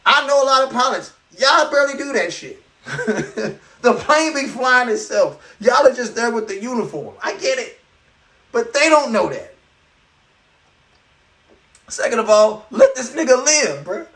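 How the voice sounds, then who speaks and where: A man hosting a live podcast, delivering an animated, profane comedic rant full of incredulous asides. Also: very high voice, unhurried, pauses often, recorded from a distance. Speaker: podcast host.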